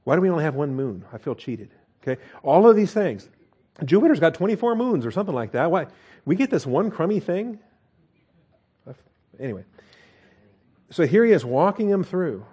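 A man preaching a sermon from a church pulpit as pastor, wry and animated, with self-mocking asides. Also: a little high, moderate pace, long pauses, slightly rough.

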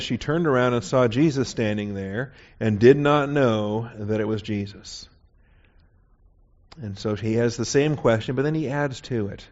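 A man teaches a Bible lesson verse by verse in a relaxed, conversational way. He keeps pausing to check that his listeners follow. The recording sounds dull and lo-fi. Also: medium pitch. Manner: conversational, checks in with "okay?" often.

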